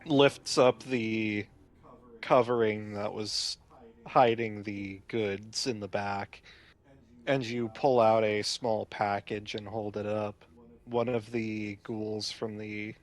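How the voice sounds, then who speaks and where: A man running a tabletop role-playing game, narrating the scene in a measured way. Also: lowish voice, steady tone. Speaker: storyteller.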